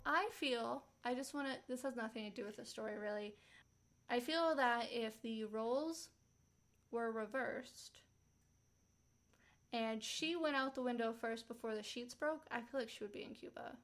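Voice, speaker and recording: Brief: female podcast host, slightly high voice, casual true-crime narrator, chatty. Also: a little slow, a bit bright. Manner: chatty, acts out quotes with rising pitch.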